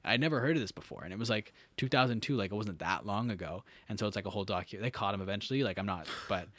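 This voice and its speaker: A young man chatting casually as a podcast guest, talking fast with lots of fillers. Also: lowish voice, a bit bright, dry recording. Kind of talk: casual chat.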